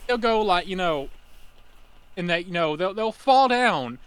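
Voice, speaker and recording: A man with a high-sitting, clear, resonant voice co-hosts a casual podcast, speaking a little slowly but animatedly. He rambles through annoyed stories about running carnival games as an attendant, repeating himself along the way.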